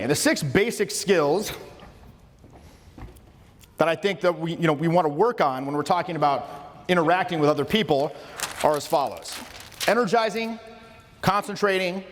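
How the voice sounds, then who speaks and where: A man's voice: fairly high pitch, fairly bright tone. A man coaching social skills in a casual lecture, emphatic and informal, often restarting his phrases. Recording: long reverberant room sound.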